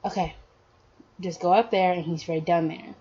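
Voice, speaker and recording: A woman reads a cheerful young male hero student with an easygoing, halting delivery. He stumbles through his words with plenty of fillers. The audio sounds dull and lo-fi. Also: fairly low pitch, fairly even intonation, mellow, husky. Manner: easygoing, hesitant, filler-heavy.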